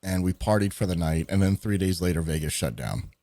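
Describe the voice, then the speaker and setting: A man telling animated stories during a casual livestream chat, swearing freely as he goes. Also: deep voice, fairly quick, no room sound.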